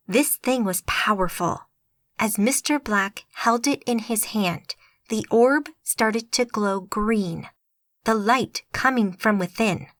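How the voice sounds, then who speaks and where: A woman giving steady, scripted audiobook narration. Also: mid-range voice, no echo.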